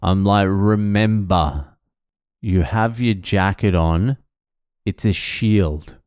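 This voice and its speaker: Aussie guy rambling a sweary story, smooth voice, dry close sound. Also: lowish voice, slow, darkish tone, no room sound. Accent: Australian. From Australia. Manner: sweary, self-mocking anecdote with laughs. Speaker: vlogger. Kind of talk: casual storytelling.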